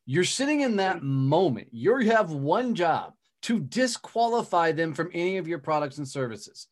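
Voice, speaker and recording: A man's voice: fairly high pitch, very animated, normal speed. A man hosting a podcast interview, talking casually and emphatically and swearing freely. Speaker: podcast host.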